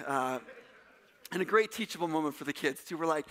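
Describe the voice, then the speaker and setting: A man from Wisconsin, a pastor preaching a casual sermon to a live congregation, joking and telling stories in an animated way. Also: fairly high pitch, brisk. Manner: jokey, animated, teasing the congregation. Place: church service before a live congregation.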